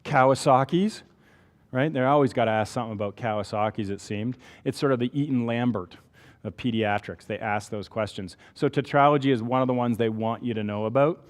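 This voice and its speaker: A man's voice: mid-range voice, a little fast, long reverb tail. A man with a Canadian accent giving a conversational medical lecture, explaining step by step and checking in with rhetorical questions.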